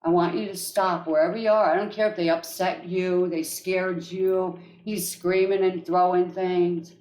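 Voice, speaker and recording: A woman's voice: fairly low pitch, level tone, normal speed, darkish tone, roomy sound. A woman hosting a live coaching call as an energy healer, emphatic, repeating affirmations in a chanting rhythm.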